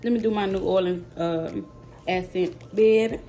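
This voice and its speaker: Slow-talking woman, chatty vlogger. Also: fairly low pitch, steady tone, dark tone, faint music behind. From Mississippi, USA. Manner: chatty and playful, talking straight to viewers. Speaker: mother and vlogger tasting snacks. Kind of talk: casual chat to camera.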